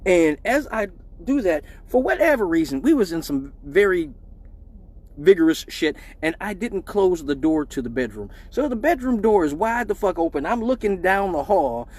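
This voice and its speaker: A man's voice: high-pitched, big pitch swings, moderate pace, darkish tone. A man telling a raunchy comic story on a live stream, profane and laughing often.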